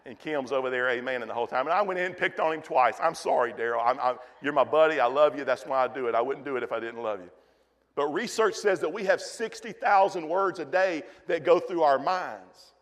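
A pastor delivering a folksy, emphatic sermon, repeating key phrases for weight, recorded in a church sanctuary. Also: male voice, on the high side, brisk, a bit bright, in a large hall. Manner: folksy, emphatic preaching with repetitions.

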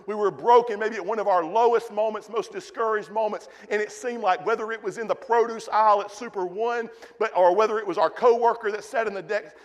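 Male pastor, folksy emphatic sermon, high voice, long hall reverb. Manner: folksy, emphatic preaching with repetitions. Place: church sanctuary.

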